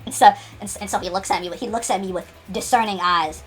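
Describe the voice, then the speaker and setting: A woman's voice: mid-range voice, fast talker, fairly bright tone, soft background music. A woman telling an unscripted comedic story, rambling with many restarts and laughs.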